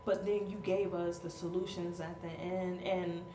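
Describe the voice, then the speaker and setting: A woman's voice: fairly low pitch, normal speed. A woman telling stories animatedly in a casual chat, laughing often and acting out what others said. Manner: lively, laughs often, acts out quotes. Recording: echoey room with faint noise.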